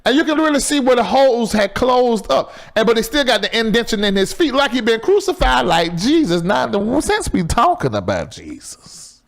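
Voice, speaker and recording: Middle-aged man, talk show host, lively high pitch, casual monologue. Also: brisk, gravelly, hardly any pauses. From Southern US. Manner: loose, chatty and animated, swings between high exclaims and low asides.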